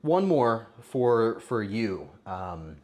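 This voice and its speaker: A man streaming casually while cooking and tasting, joking crudely and bursting into loud exclamations. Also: fairly low pitch, big pitch swings, extremely slow. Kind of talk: casual cooking livestream chatter.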